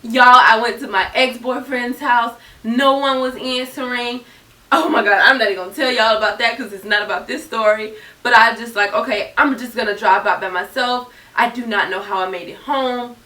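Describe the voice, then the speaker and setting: A woman's voice: on the high side, steady tone, normal speed, bright, forceful tone, far from the mic. A young woman in her twenties telling a personal story straight to her viewers in an earnest, chatty way. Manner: earnest, addresses viewers directly. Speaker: YouTuber. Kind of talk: storytime vlog. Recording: echoey room, mic set back.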